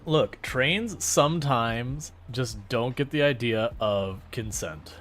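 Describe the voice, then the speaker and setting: A man's voice: mid-range voice, slow pace, fairly bright tone, soft background music. A man chatting casually while streaming a farming game, rambling, joking and laughing often. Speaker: gaming streamer. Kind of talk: casual gameplay commentary.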